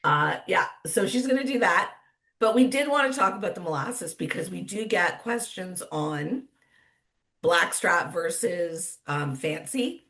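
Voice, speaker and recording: A woman's voice: on the low side, expressive, unhurried, fairly bright tone. A woman with a Canadian accent moderating an online cooking class in a chatty, upbeat way, laughing often. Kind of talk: casual livestream chat.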